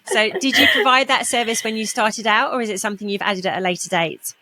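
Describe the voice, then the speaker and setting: A woman's voice: mid-range voice, fast talker, background noise. A woman hosting a podcast interview, asking questions and affirming her guest. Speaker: podcast host. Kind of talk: casual interview chat.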